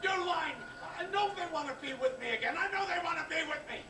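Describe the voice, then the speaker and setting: A man's voice: very high voice, animated, quick pace, background noise. An actor playing a grieving, bitter man who refuses to let go, speaking in a defensive, insistent way from a video game. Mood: bitter denial. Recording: echoey game audio from a TV, far off. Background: game music.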